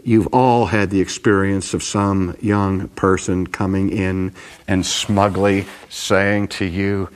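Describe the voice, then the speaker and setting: A man preaching a sermon with a dramatic, emphatic delivery that ranges from loud to hushed. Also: low-pitched, level tone, takes it slowly, clear, resonant tone.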